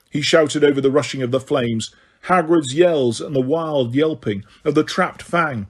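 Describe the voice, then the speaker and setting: A man narrating a fantasy novel as an audiobook, with steady storytelling and occasional stumbles. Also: fairly high pitch, normal speed, slightly rough.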